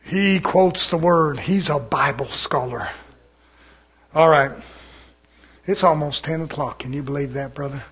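Fervent husky preacher. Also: male voice, a little high, measured pace, long pauses. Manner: fervent, swings from shouting to hushed murmurs. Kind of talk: evening sermon. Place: church.

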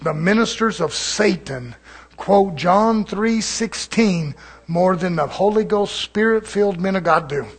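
A man preaching an evening sermon in a church, fervent, swinging between shouted lines and hushed asides. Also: high voice, a little slow, husky.

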